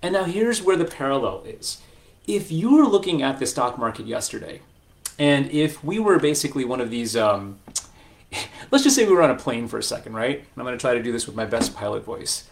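A man talking straight to camera about money, chatty and full of jokes and asides. His voice is gravelly with a mid-range pitch, relaxed and conversational. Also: a little fast. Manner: chatty, joking, many asides. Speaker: financial advisor. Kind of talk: casual talking-head video.

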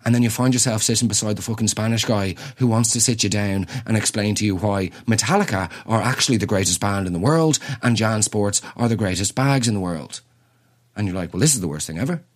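A man with an Irish accent telling a comic story in a quick, sweary, exaggerated rant. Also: on the low side. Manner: rapid, sweary, exaggerated rants. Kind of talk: comedic storytelling monologue.

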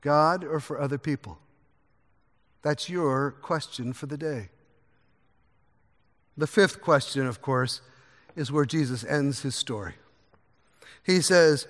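A man preaching a sermon from the pulpit, earnest and varied, quieter during prayer. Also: fairly high pitch, slow, pauses often. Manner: earnest, varies pace, drops to a soft voice in prayer. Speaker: pastor. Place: church sanctuary. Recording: long echo of a large church hall.

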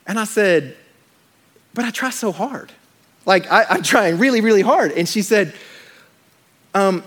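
This man, a pastor whose voice sits high, delivers a sermon at a moderate pace. He mixes Bible passages with amusing personal anecdotes, storytelling with humor and turning to the congregation for animated asides.

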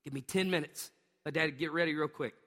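Preaching a sermon to his congregation, a male pastor with a bright, high voice talks a little fast, weaving a lively family anecdote together with scripture. He laughs often and bursts into acted-out sounds as he tells the story, his voice ringing through the long reverb of a large hall.

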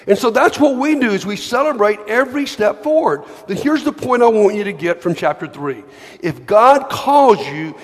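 A man preaching a sermon in a church, talking conversationally with repeated words and reading scripture slowly. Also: high voice. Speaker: pastor. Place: church hall. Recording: long hall reverb.

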